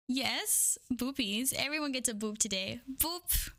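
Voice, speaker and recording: A woman livestreamer chats casually with her viewers through a streaming microphone while wearing headphones, greeting them one at a time in a bubbly, giggly way. Her high-pitched voice is expressive, pushed and bright, and she speaks at a measured pace.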